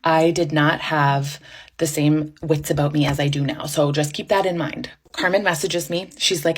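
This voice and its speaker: Woman, very low voice, husky, wry, self-mocking storytime. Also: fairly even intonation, normal speed. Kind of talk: casual storytime.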